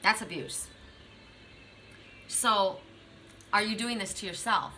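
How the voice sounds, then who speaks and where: A middle-aged woman reads oracle cards for her viewers, talking earnestly and straight to the listener while repeating affirming phrases. Her voice is medium-pitched, slow, bright and forceful. Faint music plays behind her, and the audio quality is poor.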